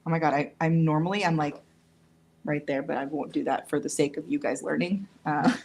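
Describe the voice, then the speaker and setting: A nail tech on a livestream shows off her tools as she works, chatty, casual and a little tired, poking fun at herself along the way. Her low-sitting voice is a little mellow, fairly quick and fairly even in intonation.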